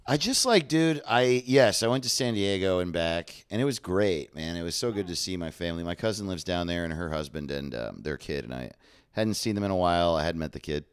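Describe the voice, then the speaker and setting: A man's voice: deep voice, lively intonation, a little fast, smooth, no room sound, clean studio sound. A man co-hosting a podcast in casual chat, tired and joking, laughing often. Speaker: podcast co-host.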